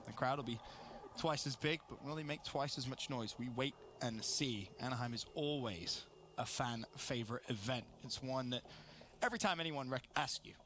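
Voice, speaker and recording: A man doing esports commentary with fast, hype-building broadcast delivery. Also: medium pitch, fairly bright tone, slight background noise. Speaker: esports caster.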